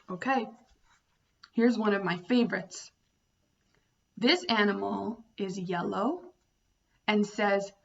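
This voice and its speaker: A woman teaching young children about farm animals, speaking slowly and making animal sounds. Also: medium pitch, vocal fry, muffled recording. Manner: slow, sing-song, imitating animal sounds. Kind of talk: children's storytime lesson.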